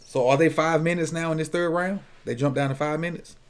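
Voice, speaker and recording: A man's voice: a little high, steady tone, fairly quick. Easygoing man chatting at a draft party. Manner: loose, joking, thinks aloud with restarts. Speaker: football fan at a draft watch party. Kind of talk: casual chat.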